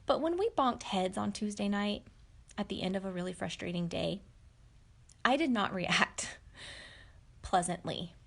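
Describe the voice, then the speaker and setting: Candid woman, slightly gravelly. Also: mid-range voice, animated, a little slow, long pauses, fairly bright tone. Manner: candid, reflective, chatty with many fillers. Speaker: vlogger. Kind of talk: personal storytelling to camera.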